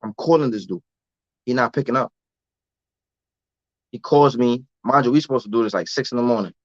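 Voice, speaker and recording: A man's voice: mid-range voice, fairly quick, no echo. A man, telling a candid story as a podcast guest in streetwise slang. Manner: streetwise slang, often adds "you know what I'm saying". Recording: dull, dry lo-fi recording.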